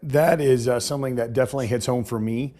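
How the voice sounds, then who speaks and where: A man's voice: medium pitch, fairly even intonation, fast, warm tone. A man hosting a podcast interview, a chiropractor who talks in an emotional, rambling way with many restarts.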